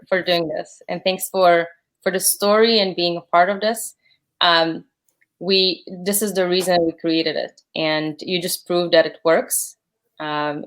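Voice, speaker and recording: A woman in her thirties, a guest in an interview, speaking earnestly and gratefully with many fillers. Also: lowish voice. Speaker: guest, platform founder. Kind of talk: conversational interview.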